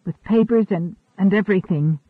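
A man reads an earnest young man under thirty, pleading and stammering in desperation. His voice sits high and comes through a tinny, phone-like band. The sound is dry. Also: moderate pace, no room sound. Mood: desperate. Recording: tinny narrow-band recording.

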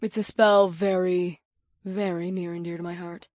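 A man's voice: sits high, level tone, moderate pace, darkish tone, no room sound, clean studio sound, voice pushed up, lightly acted. A man voicing a smug, ruthless young witch who speaks coolly and teasingly in an audiobook. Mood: calm teasing. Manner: cool, teasing, matter-of-fact. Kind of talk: audiobook character reading.

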